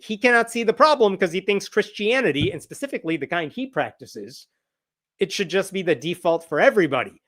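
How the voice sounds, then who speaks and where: An American man hosting a casual livestream news roundup, chatty and sarcastic. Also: fairly high pitch. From United States. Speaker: host.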